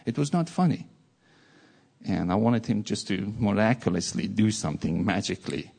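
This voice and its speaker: Male preacher, earnest sermon delivery; dark, mellow tone with a husky grain. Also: fairly low pitch, lively intonation, moderate pace. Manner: earnest, repeats words for stress. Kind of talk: sermon with a personal story.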